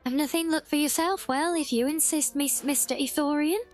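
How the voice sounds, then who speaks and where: A woman's voice: high voice, normal speed, faint music behind. A woman livestreaming a game, chatting casually with her chat, giggly and bubbly.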